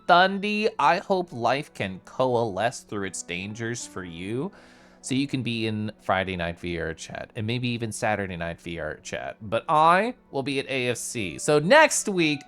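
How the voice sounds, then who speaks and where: A streamer casually commenting on a game and reading chat aloud, chatty and excitable, with sudden loud bursts between mumbled asides. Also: medium pitch. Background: game music.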